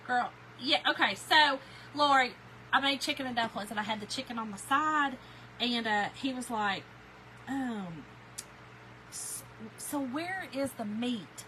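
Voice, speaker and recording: A middle-aged Southern woman from Kentucky talks casually to her livestream viewers, spinning folksy stories with plenty of slang. Her voice sits a little high and sounds bright. A faint hum of ambience runs underneath. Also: moderate pace, poor audio. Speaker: crafting livestream host. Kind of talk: casual chat reading live comments.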